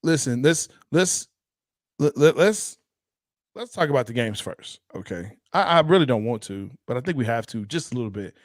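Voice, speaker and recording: A man's voice: mid-range voice, very animated, moderate pace, dry recording, clean studio sound. A man hosting a sports podcast in casual chat, teasing and laughing often. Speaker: podcast host.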